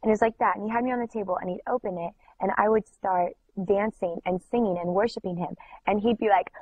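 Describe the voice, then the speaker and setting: A woman's voice: medium pitch, fairly quick, husky, no echo. A woman worship leader giving an emotional personal testimony, telling her story earnestly with many fillers. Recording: dull, slightly lo-fi dry recording.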